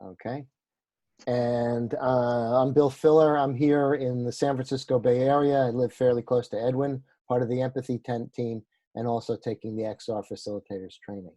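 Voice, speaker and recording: Video-call facilitator, male, New York accent, warm dark tone. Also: mid-range voice, steady tone, moderate pace. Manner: friendly, calling names one by one. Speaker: meeting facilitator. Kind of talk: casual video call introductions.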